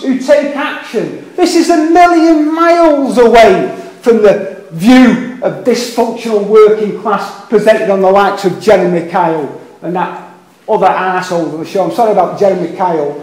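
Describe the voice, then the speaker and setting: A man's voice: sits high, moderate pace, a little mellow. An older man with a Liverpool accent giving an earnest, rambling public speech at a meeting, with self-deprecating asides. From England. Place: meeting hall. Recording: echoey meeting hall.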